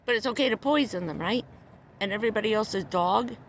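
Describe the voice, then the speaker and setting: Speaking a little fast at medium pitch, with a faint hiss or hum on the recording, a female vlogger vents on a livestream from a parked car. The rant is heated, repetitive and full of swearing, and she sounds upset, almost crying.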